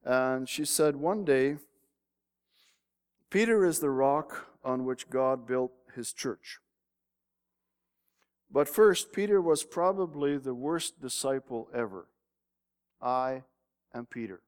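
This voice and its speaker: A man's voice: mid-range voice, slow pace, pauses often, clear, resonant tone. Man preaching in a reverberant hall. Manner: reads a story aloud with rising emphasis. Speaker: pastor. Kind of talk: sermon.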